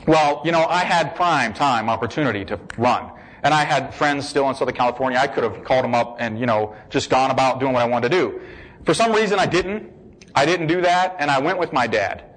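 An American man giving a personal testimony in a lively storytelling manner. He acts out the voices of the people he quotes and repeats words for emphasis. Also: medium pitch, fairly quick, poor audio. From United States. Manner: emphatic repetition.

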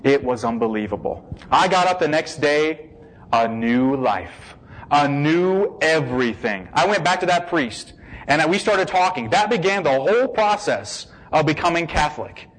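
A man giving an emotional personal testimony, shifting between hushed, slow passages and excited bursts. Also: fairly high pitch, poor audio.

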